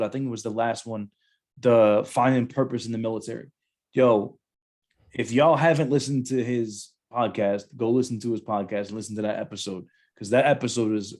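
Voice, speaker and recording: Casual storytelling man, full of slang. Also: mid-range voice. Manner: casual, says bro a lot, animated storytelling. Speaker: podcast host, former Marine sergeant. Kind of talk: casual podcast chat, storytelling.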